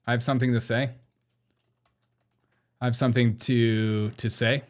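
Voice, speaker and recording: A man's voice: medium pitch, level tone, moderate pace, soft background music. A man co-hosting a comedy show, mocking video clips with frequent laughter. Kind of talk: casual commentary on video clips.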